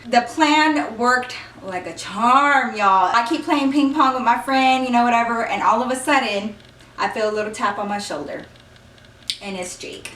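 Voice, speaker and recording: A woman's voice: a little high, normal speed, a bit bright, slight background noise. A woman vlogger telling a casual story, chatty, often saying y'all and acting out what people said. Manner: chatty, acts out quotes, says y'all. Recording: echoey room, mic at a distance.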